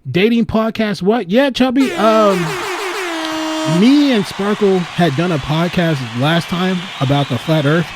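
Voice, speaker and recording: A man's voice: sits high, measured pace, music in the background. A man from the United States hosting a casual livestream chat, telling rambling stories with lots of laughs and swearing. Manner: animated storytelling, laughs a lot, swears freely; loose, rambling delivery with restarts. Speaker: livestream host.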